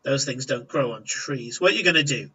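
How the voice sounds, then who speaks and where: A man's voice: mid-range voice, expressive, a little fast, sharp tone, slightly rough, far from the mic, highs cut off, exaggerated voice. A man voicing a menacing male half-orc debt enforcer who taunts and threatens.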